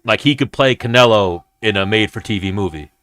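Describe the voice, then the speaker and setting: A man's voice: fairly low pitch, a little fast, a bit bright. A man hosting a casual fight watch-along, chatting loosely with viewers in a rambling, profane way. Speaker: host.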